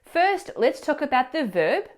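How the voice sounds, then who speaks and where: A woman teacher explaining grammar mistakes in clear, instructive scripted narration, asking the viewer questions. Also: sits high, very animated, a little slow. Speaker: language teacher.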